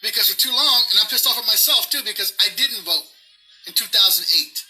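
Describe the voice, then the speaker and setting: A man's voice: high voice, brisk, bright, forceful tone, faint music behind, poor audio. A man delivering an angry political rant outdoors, swearing heavily and repeating himself for emphasis. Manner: heavy swearing, emphatic and repetitive. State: pissed off. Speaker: vlogger. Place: outdoors near grass.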